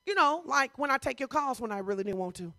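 A woman pastor preaching a sermon in a conversational, informal way, switching between loud emphasis and hushed asides. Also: sits high, animated, fast. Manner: informal, talks straight to the congregation.

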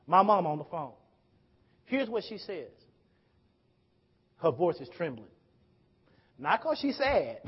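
Hall-echoing preacher man, lively swings. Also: fairly high pitch, takes it slowly, long pauses, breathy edge. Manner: storytelling preacher, call-and-response, swings from hushed to loud. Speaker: pastor. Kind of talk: sermon. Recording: dull sound with long hall reverb.

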